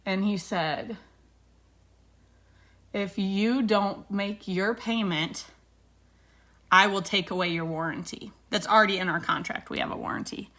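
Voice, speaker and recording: A woman's voice: medium pitch, steady tone, a little slow, long pauses, bright, forceful tone. A woman in her thirties, a beauty vlogger, chatting casually and retelling a dispute with indignation while doing her makeup.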